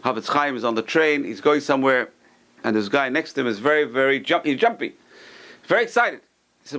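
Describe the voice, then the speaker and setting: A man's voice: mid-range voice, lively intonation, a little fast, fairly bright tone. A man teaching an informal Torah class as a rabbi, talking conversationally and acting out gossipy lines with joking asides.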